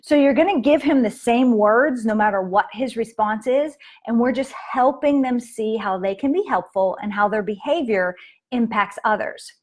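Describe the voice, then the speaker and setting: Woman, parenting coach, casual live-stream delivery, slightly high voice, chatty with fillers. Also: moderate pace, hardly any pauses, darkish tone. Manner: chatty, with fillers and acted quotes of kids.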